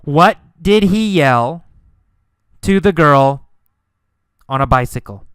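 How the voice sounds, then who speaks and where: Slow, exaggerated teacher, lively pitch. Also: male voice, smooth, no room sound, clean studio sound. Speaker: English teacher. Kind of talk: question-and-answer story lesson.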